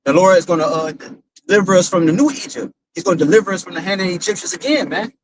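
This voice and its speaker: The audio is poor as a high-pitched father races through a religious testimony at a very fast clip. He rambles, repeats himself, and leans on slang in a casual, storytelling style.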